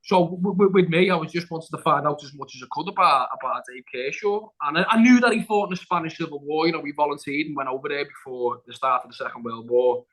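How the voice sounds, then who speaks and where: A man's voice: a little high, fast, hardly any pauses, fairly bright tone, low-quality recording. A man, a guest actor on a podcast, telling a long story in casual chat, rambling and restarting, acting out what people said. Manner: rambling, with many restarts and acted-out quotes.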